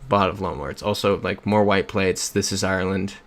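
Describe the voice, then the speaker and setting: A man's voice: low voice, steady tone, fairly quick. A young man chatting casually on a livestream while playing a geography game. He rambles through stories and reads viewer comments aloud.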